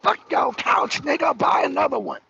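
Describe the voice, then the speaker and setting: A man putting on a brash, defiant party guest who taunts in a slow, dismissive drawl. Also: very high voice, animated, vocal fry, bright, forceful tone, muffled recording, heavily acted.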